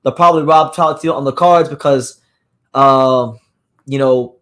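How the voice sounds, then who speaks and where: A hoarse man hosting a live boxing news show, talking casually and rambling with frequent restarts and fillers. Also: medium pitch, moderate pace, a bit bright. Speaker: boxing podcast host.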